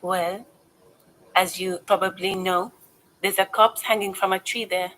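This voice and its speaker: A woman's voice: medium pitch, steady tone, measured pace, fairly bright tone, slight background noise, lightly acted, poor audio. A woman voicing a wary adult female gardener in a video game, guarded and a little defensive.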